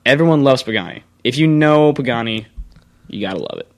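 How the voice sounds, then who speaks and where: A young man co-hosting a casual car chat show, opinionated and rambling, quick to argue his point. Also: mid-range voice, animated, vocal fry. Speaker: co-host.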